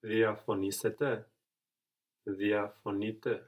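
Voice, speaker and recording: A man's voice: fairly low pitch, flat delivery, extremely slow. A man answering as a student in a language lesson, tentative and thinking aloud.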